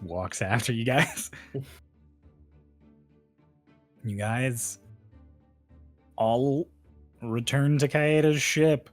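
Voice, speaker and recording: A man's voice: medium pitch, steady tone, very slow, long pauses, faint music behind. A man narrating a tabletop game as game master, laid-back and casual, swearing now and then.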